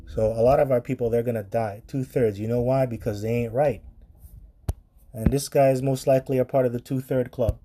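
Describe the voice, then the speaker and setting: A man's voice: medium pitch, fairly even intonation, brisk, dark tone, slight background noise. A man preaching on scripture in a blunt, profane commentary style, reading verses aloud and reacting to them.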